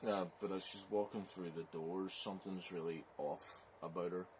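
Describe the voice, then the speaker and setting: Man, Belfast accent, low voice, rambling storyteller, noisy recording. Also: steady tone. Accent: Northern Irish, Belfast. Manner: slow, rambling, with "so it is" tags. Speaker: podcast co-host telling a scary story. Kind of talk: casual storytelling chat.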